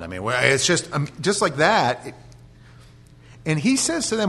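A male pastor giving an animated sermon with humorous stories and frequent restarts. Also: on the high side, unhurried.

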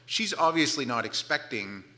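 A middle-aged man preaching a sermon, telling the story with playful asides and dropping to soft, hushed tones for tender moments. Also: mid-range voice, big pitch swings, normal speed. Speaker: pastor.

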